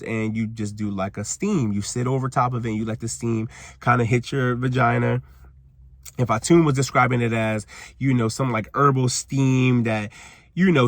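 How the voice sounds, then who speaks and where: Outdoors, a man gives a casual, rambling rant recapping a reality-TV episode for his viewers, leaning heavily on "like" and "you know." His mid-range voice is fairly bright with no room sound, recorded on a camera he's holding or propping up.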